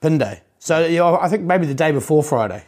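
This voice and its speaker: Aussie male co-host, relaxed slangy banter, brisk pace. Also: a little high. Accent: Australian. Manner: laid-back, says "bloody" and "mate". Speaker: podcast co-host. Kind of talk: casual banter.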